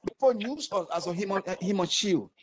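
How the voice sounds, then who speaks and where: Man in his 60s, from Africa, fairly high voice, halting and repetitive, earnest testimony. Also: a little hiss or hum. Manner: halting, repeats words, earnest. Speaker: interview guest, war veteran. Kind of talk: emotional personal testimony.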